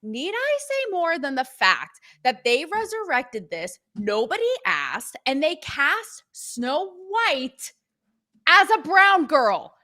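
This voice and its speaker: A woman's voice: high voice, huge pitch swings, slow pace, bright, forceful tone. A young adult woman co-hosting a political talk show, ranting in a sassy, mocking way. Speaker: co-host. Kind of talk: opinionated political chat show.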